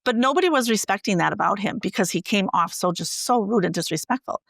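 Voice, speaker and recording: A woman teacher, a guest in an interview, telling classroom stories in an animated, conversational way. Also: mid-range voice, fast, gravelly, no echo, studio quality. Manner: animated, acts out quoted dialogue. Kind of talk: conversational storytelling.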